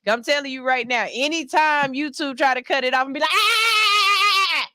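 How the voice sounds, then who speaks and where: Woman, radio host, high voice, bright tone, animated, joking, studio. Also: quick pace. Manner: animated, joking, slangy, shouts and hype calls. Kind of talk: casual radio interview banter.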